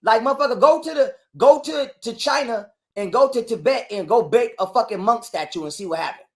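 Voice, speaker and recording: A man telling a long story in a casual interview, animated and full of cursing and repetition. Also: extremely high pitch, a little fast. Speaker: guest telling his story.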